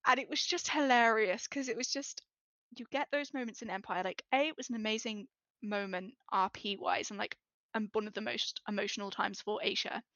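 Woman, podcast guest, animated storyteller, dull dry sound. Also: mid-range voice, fairly quick, no echo. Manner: lively storyteller who acts out the voices she quotes. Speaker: podcast guest, larp player. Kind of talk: casual storytelling chat.

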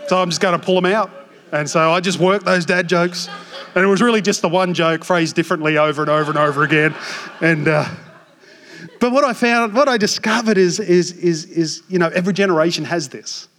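An Australian man in his forties, a pastor preaching a sermon with animated, self-mocking stories. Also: sits high, a little fast. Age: 40s. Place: church hall. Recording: long hall reverb.

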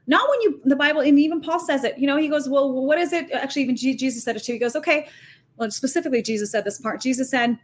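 A woman with a high voice speaks as a guest on a faith podcast. She talks in an animated, emphatic way that drifts into preaching. Her words tumble out fast, with many restarts and fillers. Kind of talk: faith-based podcast conversation.

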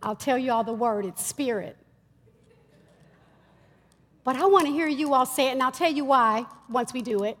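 A woman minister preaching a sermon, talking to the congregation in a lively, chatty way and calling out to them often. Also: high voice, normal speed, long pauses, long reverb tail. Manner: lively, conversational preaching with audience call-outs. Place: church stage.

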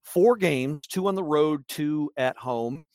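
A man's voice: fairly high pitch, slow, darkish tone, no room sound, clean studio sound. A man hosting a casual sports podcast, rambling and wry with lots of fillers. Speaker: podcast host.

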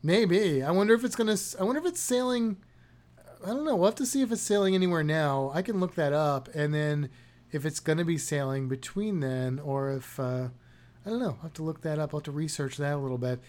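A man's voice: fairly high pitch, brisk, darkish tone. A man co-hosting a podcast, talking in a chatty, rambling, joking way. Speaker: podcast co-host. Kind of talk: casual podcast chat.

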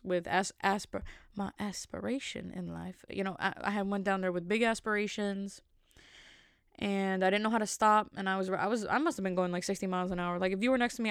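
A woman's voice: mid-range voice, smooth, dry recording, studio quality. A woman telling a rambling comic story, sassy and self-mocking, with many asides and restarts.

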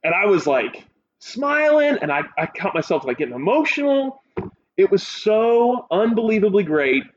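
A man's voice: high-pitched, normal speed, breathy edge. Casual male co-host, eager storyteller, slightly muffled audio. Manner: excited, animated recounting of a show. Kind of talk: casual chat. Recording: dull audio with faint hiss.

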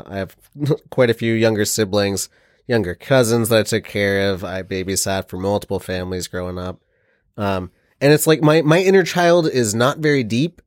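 Man, low voice, earnest rambling storyteller, casual chat, dry sound. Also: no echo.

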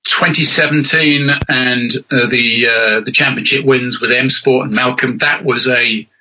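A man's voice: mid-range voice, measured pace, slightly rough, dull audio. A middle-aged man, a rally commentator and author, telling self-deprecating stories in a chatty interview. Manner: animated storyteller, self-deprecating.

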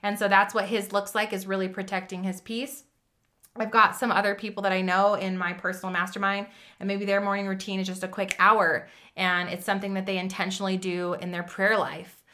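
Bright-voiced woman giving a motivational talk. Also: mid-range voice, level tone, brisk. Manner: emphatic, direct, addresses listener as friend; chatty with fillers and restarts. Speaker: podcast host. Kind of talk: motivational podcast monologue.

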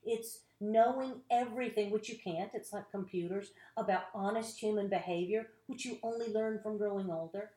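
A woman actress as an interview guest, telling lively stories about her career and acting out the people in them. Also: mid-range voice, moderate pace, hardly any pauses, echoey room. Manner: animated storyteller, acts out quotes. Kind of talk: casual interview storytelling.

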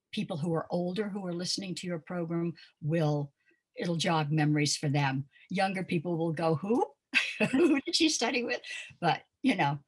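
An older woman from Pensacola tells stories as an interview guest. Her low voice carries a husky edge, and she talks conversationally with plenty of ums and uhs. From Pensacola, Florida. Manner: warm storytelling with frequent ums and uhs. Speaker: interview guest, dance teacher.

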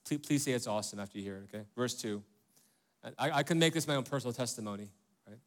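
A man's voice: mid-range voice, fast. A man preaching a sermon as pastor, talking in a conversational way and asking rhetorical questions, often checking in with "right?" and "okay?".

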